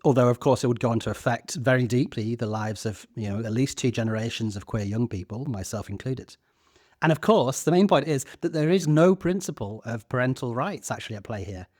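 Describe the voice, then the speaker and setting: A man's voice: mid-range voice, expressive, brisk, darkish tone, no echo, studio quality. A man in his thirties co-hosting a podcast, talking earnestly with a few stammered restarts. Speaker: podcast co-host. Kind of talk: casual discussion.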